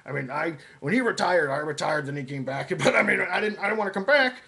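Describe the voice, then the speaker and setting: A rambling, excitable older football commentator, as a man puts him on, stammering over his words and bursting out loudly. The voice is bright and forceful. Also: on the high side, fast talker, gravelly, voice pushed up, exaggerated voice. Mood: excited.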